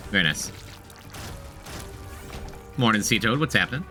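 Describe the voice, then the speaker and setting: A man narrates his gameplay in a bright, lively voice that rises and falls a lot. He thinks aloud, repeats phrases and talks to his chat. Faint game music plays behind him. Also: fairly low pitch, moderate pace. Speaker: streamer. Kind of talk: casual gameplay commentary.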